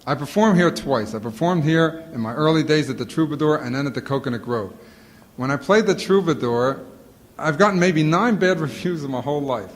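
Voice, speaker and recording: A man telling comic stories to an audience in animated bursts, with a sore throat and a lozenge in his mouth. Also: a little high, fairly quick, in a large hall. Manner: animated storytelling, acts out quotes. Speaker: comedian answering audience questions. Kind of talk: casual Q&A talk. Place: auditorium before a live audience.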